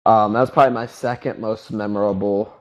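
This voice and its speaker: A young man in his twenties, a website founder and podcast host, telling stories in a casual, excited, rambling way full of filler words. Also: fairly low pitch, brisk, low-quality recording. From North Carolina, US. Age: 20s. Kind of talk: casual storytelling chat.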